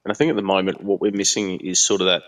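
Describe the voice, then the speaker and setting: An Australian man calling in to a talkback show, giving earnest, measured opinions. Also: deep voice, little pitch movement, a bit bright. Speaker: caller. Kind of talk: talkback call.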